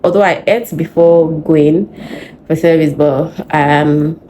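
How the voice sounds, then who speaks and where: A young Nigerian-accented woman tells a story to her vlog camera at home, animated and venting. Her voice sits a little low and sounds mellow and warm. A faint noise hums behind her. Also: slow pace. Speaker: vlogger. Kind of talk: casual vlog chat. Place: home in Lagos.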